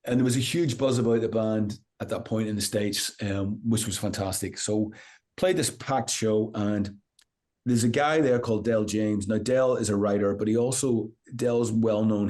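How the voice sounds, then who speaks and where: A male rock musician in an interview, telling anecdotes in a lively, casual way, acting out the people he quotes, with many restarts and a lot of "you know". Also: on the low side, normal speed.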